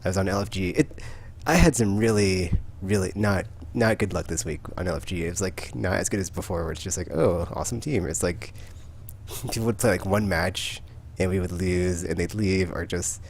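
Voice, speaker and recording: A man's voice: sits low, normal speed, a little hiss or hum. A man hosting a podcast, telling rambling stories in casual chat with lots of fillers. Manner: rambling, filler-heavy storytelling. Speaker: podcast host.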